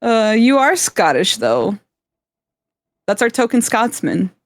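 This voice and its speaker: Quick blunt woman streamer, laughing often. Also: on the high side, sing-song, dry recording. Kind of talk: casual chat on a live stream.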